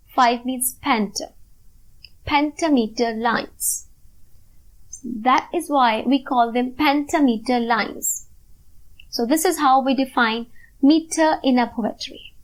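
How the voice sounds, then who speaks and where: A woman teaching a recorded lecture over slides, talking in a slow, deliberate way and stressing syllables one by one. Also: sits high, low-quality recording. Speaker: literature teacher.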